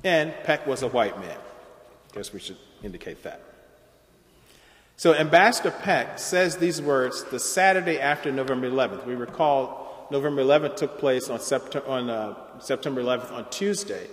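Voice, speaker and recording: Male lecturer, mid-range voice, deliberate academic delivery, long hall reverb. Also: medium pitch, animated. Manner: measured, explanatory, occasional restarts.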